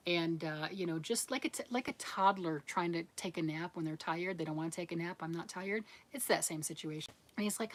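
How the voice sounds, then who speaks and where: A middle-aged woman hosts a crafting livestream, chatting casually as she reads and answers viewer comments. Her voice sits a little low for a woman. She sounds encouraging and laughs often. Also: a little fast, hardly any pauses. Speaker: livestream host of a crochet channel.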